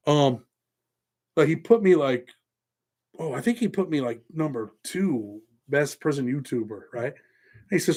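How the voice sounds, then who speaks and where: Slightly high-voiced Southern-tinged man, rambling. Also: animated, unhurried, a little mellow, slightly rough. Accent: Southern-tinged American. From New York. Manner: loose and rambling, thanks viewers by name. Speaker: host. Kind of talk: casual livestream chat answering viewers.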